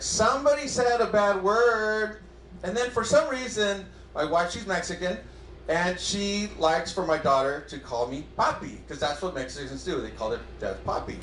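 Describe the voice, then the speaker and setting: A high-pitched man performs stand-up with an animated, bouncing delivery, slipping into the voices of his wife and daughter. His voice carries a roomy club echo with faint crowd ambience behind it. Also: a little hiss or hum. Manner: animated, acts out dialogue in quick bursts. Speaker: stand-up comedian. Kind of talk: stand-up comedy set. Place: comedy club stage before a live audience.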